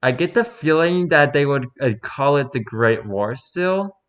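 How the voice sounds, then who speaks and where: Bright-sounding guy reading memes out loud, wry amused comments, chill chat. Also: on the high side, expressive, a little slow. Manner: amused, wry, reads posts aloud and comments with laughs. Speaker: streamer reacting to memes. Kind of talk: casual chat.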